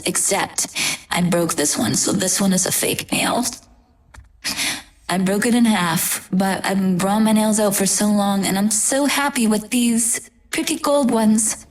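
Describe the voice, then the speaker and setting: A young woman, a tarot reader, chatting casually and gushingly to her viewers, often trailing off and restarting. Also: medium pitch. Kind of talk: casual chat to camera.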